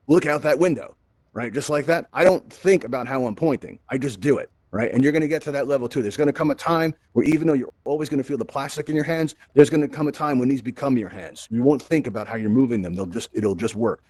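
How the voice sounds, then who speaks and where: Hosting and instructing at a virtual reality event, a man guides a crowd through the controls in a live walkthrough, staying upbeat and encouraging and tossing in playful asides. His voice is medium-pitched with a darkish tone, and there's no echo.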